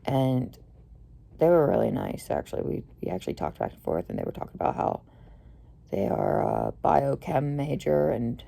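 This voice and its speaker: A young woman telling a rambling, swear-heavy story to camera, mostly low-key and tired with sudden heated outbursts. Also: wildly swooping pitch, normal speed, creaky, mellow. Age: young adult. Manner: swears a lot, rambling with many fillers. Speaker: vlogger. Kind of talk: casual storytelling rant.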